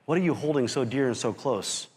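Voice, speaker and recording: A man delivers a motivational story to an audience, his voice sitting at an ordinary middle pitch. He tells it with animated energy and acts out what others said. The recording carries the long reverb of a big hall. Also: fairly quick. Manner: animated storyteller who acts out quotes and shouts. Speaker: keynote speaker, company founder.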